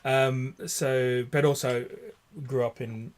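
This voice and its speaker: A man in his forties from Australia with a light, posh Australian accent, chatting casually over drinks as host, halting with many restarts. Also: medium pitch, flat delivery. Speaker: vlog host.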